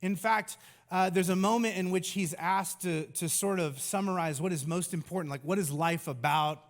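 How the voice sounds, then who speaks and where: A man's voice: sits high, normal speed. A middle-aged man preaching a conversational sermon as a pastor, casual and joking, with many fillers.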